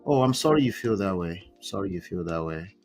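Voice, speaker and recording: A man's voice: low voice, expressive, fairly quick, creaky, a little mellow, soft background music. A man hosting a casual live stream, reading posts aloud and reacting with chatty asides. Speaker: relationship commentary host.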